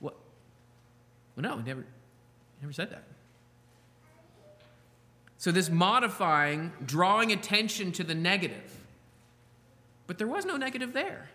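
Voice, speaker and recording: A man preaching a sermon, slowing down to stress quoted words and asking the listeners rhetorical questions. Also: sits high, very animated, sharp tone, long reverb tail. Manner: slow, emphatic delivery with rhetorical questions. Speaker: pastor.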